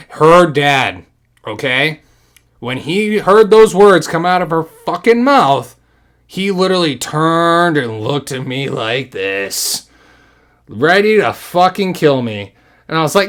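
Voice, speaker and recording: A young man hosting a podcast, telling stories in a casual, profane, animated way that gets loud when he is excited. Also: fairly high pitch, measured pace. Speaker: podcast host. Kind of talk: casual storytelling chat.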